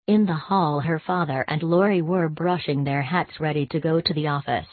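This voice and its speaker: A woman giving a measured, expressive audiobook reading of a classic short story. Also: deep voice, no room sound. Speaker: audiobook narrator. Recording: tinny, dry, phone-like sound.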